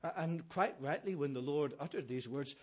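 A man preaches a sermon emphatically, building his points through repeated phrases with touches of gentle humour. His voice is on the high side, at a moderate pace.

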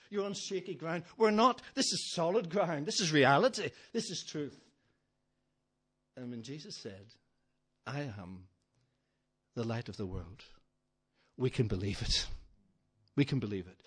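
A man preaching a sermon, emphatic and building his points through repeated phrases, with touches of gentle humour. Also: fairly high pitch, husky.

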